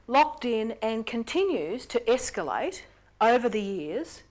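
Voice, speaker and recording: A woman giving an explanatory lecture, speaking in an animated way with sudden jumps in pitch on key words. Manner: acts out quoted lines in character.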